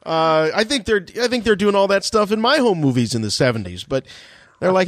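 A man's voice: fairly high pitch, expressive, fairly quick, no room sound, clean studio sound. Chatty, rambling male podcast co-host. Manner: joking, rambling with many fillers. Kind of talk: casual chat.

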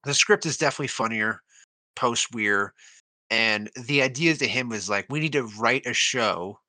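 A young man co-hosting a casual film podcast, animated and jokey, laughing often. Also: mid-range voice, normal speed, no room sound. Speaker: podcast co-host.

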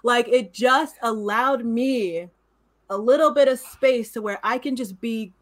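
A woman's voice: on the high side, unhurried. A woman co-hosting a podcast who talks frankly and with emphasis about friendship and honesty, in a casual chat. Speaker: podcast co-host.

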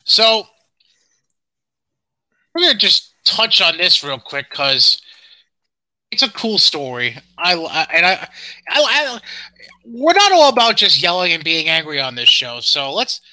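A man's voice: high-pitched, very animated, a little slow, pauses often, pushed and bright, no echo, rough recording. A man co-hosting a podcast in casual chat, stumbling over his words before moving into a new topic. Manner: hesitant restarts, then launches into a topic. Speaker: podcast co-host.

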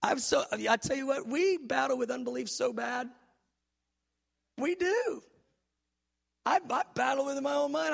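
A man, a pastor preaching a charismatic sermon, swinging from soft musing to shouted preaching. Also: extremely high pitch, moderate pace, vocal fry, long pauses.

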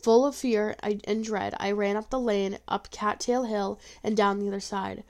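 A woman reading a first-person folk tale aloud, expressive, with small slips and restarts. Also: medium pitch, normal speed.

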